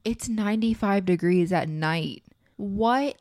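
A woman, co-hosting a podcast in chatty, animated casual talk. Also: mid-range voice, takes it slowly, no echo, studio quality. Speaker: podcast co-host. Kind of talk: casual chat.

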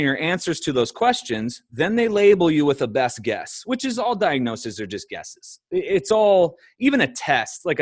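A middle-aged man, a podcast guest, telling stories in a casual conversation, animated and laughing often. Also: fairly high pitch, no echo, studio quality.

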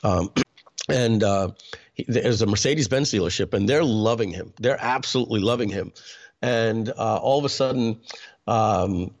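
A man's voice: fairly low pitch, moderate pace, lo-fi sound. A man, telling a personal story in a conversational way, full of fillers and restarts. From New York. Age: 50s. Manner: conversational, many fillers and restarts, clears throat often.

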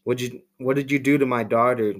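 A man's voice: medium pitch, fairly even intonation, a little fast, natural voice. A man voicing a frightened mother pleading for help in a raised, strained voice.

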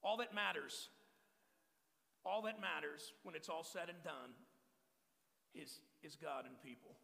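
A man in his forties from Texas preaches a playful sermon, hammering home the same phrases between jokes. His voice sits high and bright with heavy gravel in it. It rings out with a long reverb, as in a big hall. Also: a little slow. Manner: joking, energetic, repeats key phrases. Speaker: pastor. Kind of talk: humorous sermon to men. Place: church hall.

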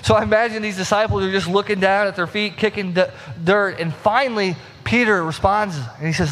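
A man's voice: high-pitched, brisk, hardly any pauses, a bit bright. A young adult man preaching a conversational sermon as a pastor, acting out the voices in the scripture stories. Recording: long hall reverb.

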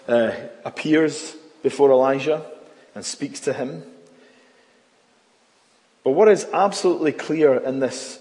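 Earnest male pastor in a reverberant hall. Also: medium pitch. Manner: earnest, varies volume from loud emphasis to near-hush. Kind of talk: sermon. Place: church. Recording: long reverb of a church hall.

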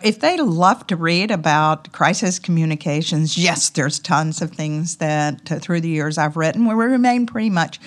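A woman with a Southern US drawl talks as a podcast guest, her voice sitting very low. She chats in an upbeat, easygoing way and scatters ums and uhs through her sentences. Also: expressive, moderate pace, hardly any pauses. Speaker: podcast guest, company executive. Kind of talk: casual interview talk.

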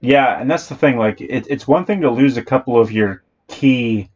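A man's voice: medium pitch, normal speed, darkish tone, lo-fi sound. A man co-hosting a podcast in casual chat, laid-back and joking. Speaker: podcast co-host.

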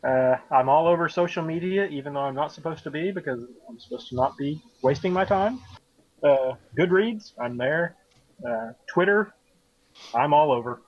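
A man with a gentle Southern US accent speaks as a guest author, easygoing and a bit rambling. His voice sits slightly high for a man, and his audio comes through muffled and lo-fi. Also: moderate pace. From American South. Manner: relaxed, rambling with fillers. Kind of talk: casual interview talk. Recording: dull lo-fi remote audio.

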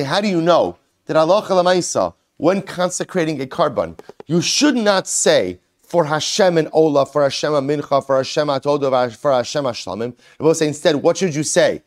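A man teaching a Talmud lesson, animated, asking and answering his own questions and mixing Hebrew and Aramaic terms into English. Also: fairly high pitch. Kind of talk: Talmud lesson, explaining a text.

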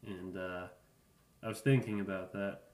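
A man in his thirties, a podcast host rambling through a casual comedic monologue with a deadpan, offhand manner and profane asides. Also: low-pitched, moderate pace, reverberant. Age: 30s.

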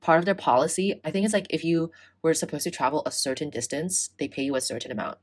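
Low-voiced young woman telling a rant. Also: quick pace. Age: young adult. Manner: animated, swearing, acts out quoted exchanges. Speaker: storyteller in casual chat. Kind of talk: casual chat.

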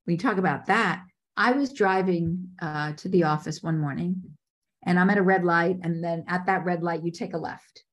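A woman casting director telling stories in a podcast interview, lively and acting out the voices of people she quotes. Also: on the low side, moderate pace. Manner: animated, acts out quoted voices.

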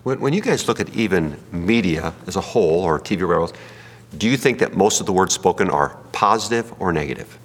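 A man's voice: low voice, lively intonation, fast talker. A man preaching a sermon in a folksy, joking way, telling stories and asking his listeners questions. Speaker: pastor. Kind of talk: sermon with jokes and audience questions. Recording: long hall reverb.

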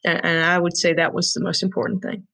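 A woman's voice: fairly low pitch, flat delivery, a little fast, vocal fry, a bit bright, rough recording. A woman, a guest telling an emotional story in an earnest, frank way. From Tennessee, USA. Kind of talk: heartfelt storytelling.

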